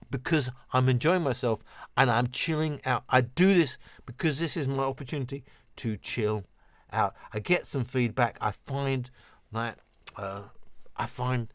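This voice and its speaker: A man hosting a relaxed late-night livestream, rambling and a bit tipsy. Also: mid-range voice, no room sound. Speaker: livestream host.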